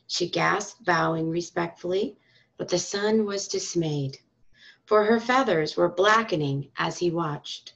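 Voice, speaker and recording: A woman reading a storybook aloud to school children and parents, in a calm, expressive storytelling manner. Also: on the low side, measured pace, vocal fry. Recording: dull lo-fi recording.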